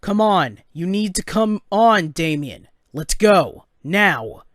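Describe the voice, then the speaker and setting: A man's voice: on the high side, moderate pace, smooth, no echo, clean studio sound, natural voice. A man voicing a worried, protective father urging his son to hurry. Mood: urgent. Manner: urgent, pleading. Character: anxious protective father, middle-aged man.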